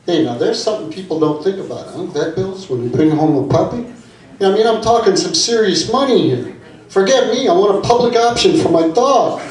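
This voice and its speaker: A man's voice: high voice, expressive, fairly quick, darkish tone. An older man performing stand-up, with chatty asides that prod the audience. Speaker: stand-up comedy student. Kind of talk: stand-up routine. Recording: echoey room from a distance, audience.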